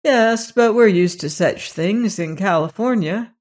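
A reader voicing a cheerful young farm boy in an audiobook, slightly higher and brighter than the narration. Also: measured pace, lightly acted. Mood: cheery. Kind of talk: audiobook character reading.

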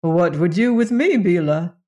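A reader voicing a calm, courteous human space explorer in an audiobook story. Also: mid-range voice, unhurried, lightly acted. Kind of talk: audiobook reading.

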